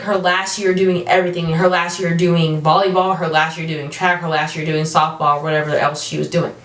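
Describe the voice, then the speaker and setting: A young adult woman telling a storytime vlog, animated and emphatic, with casual slang. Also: lowish voice. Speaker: vlogger. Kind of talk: storytime monologue. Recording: roomy, from a distance.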